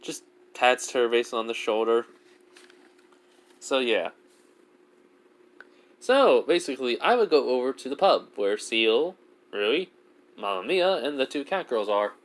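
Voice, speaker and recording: A man's voice: mid-range voice, big pitch swings, a little slow, long pauses. A man narrating a self-insert fan story off the cuff, rambling and full of filler words.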